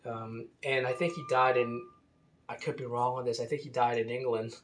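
Guy casually rambling through a story, lots of ums and restarts, mid-pitched voice. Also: fairly even intonation, normal speed, a little hiss or hum. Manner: hesitant, many fillers and restarts.

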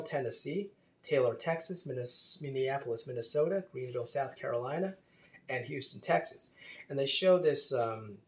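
A man's voice: mid-range voice, darkish tone. A man giving casual spoken commentary, reading quotes aloud and rambling with many fillers and restarts. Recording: roomy echo.

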